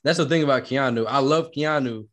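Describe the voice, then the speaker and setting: A man's voice: mid-range voice, brisk. A man hosting a casual podcast, laid-back and profane as he leads each segment. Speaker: podcast host. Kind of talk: casual chat.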